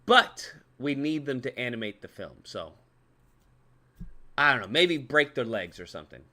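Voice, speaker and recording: Ranting, bright-voiced young man. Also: medium pitch, lively intonation, moderate pace. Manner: profane, exasperated ranting with mocking put-on voices. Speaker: channel host. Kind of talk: casual ranting commentary.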